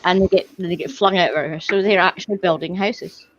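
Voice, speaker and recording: A woman's voice: fairly low pitch, fairly quick. A woman in casual group chat, swearing casually as she joins in. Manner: swears casually, chatty interjections. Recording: dull lo-fi sound with faint noise.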